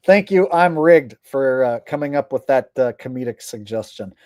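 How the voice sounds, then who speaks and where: A man's voice: mid-range voice, lively intonation, normal speed, darkish tone, no room sound. A man streaming on YouTube, chatting casually to his viewers, rambling with frequent "uh" fillers.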